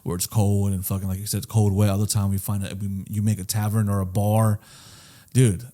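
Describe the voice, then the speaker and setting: A man's voice: lowish voice, little pitch movement, brisk, dark tone. A man co-hosting a podcast, chatting loosely and joking, swearing freely as he riffs on daydreams. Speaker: podcast co-host. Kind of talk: casual comedic chat.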